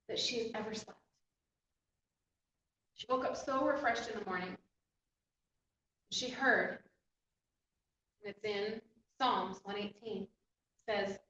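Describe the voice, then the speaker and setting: A woman telling a personal faith story in an animated, emotional way, often breaking into laughter. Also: high-pitched, slight background noise. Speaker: inspirational speaker. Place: echoey room. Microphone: distant mic. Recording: echoey room, distant mic, dull sound.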